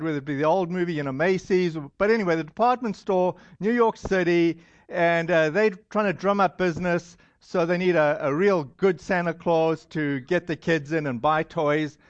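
A man's voice: high-pitched, dry recording. A man with a non-American accent preaching a sermon to a congregation in a loose, rambling way, full of fillers and restarts. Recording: dull lo-fi sound.

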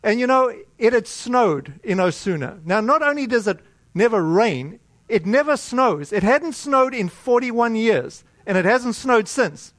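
A middle-aged American man preaches a sermon, telling a personal story in a conversational, animated style with many restarts. His voice is very high-pitched and unhurried, with no echo.

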